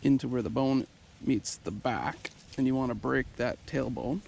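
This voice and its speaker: A man, a falconer, narrating a casual outdoor hunting vlog, a bit out of breath and excitable when his hawk hunts. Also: mid-range voice, moderate pace, vocal fry. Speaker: falconer vlogger. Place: outdoors in fields and woods. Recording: outdoor noise behind the voice.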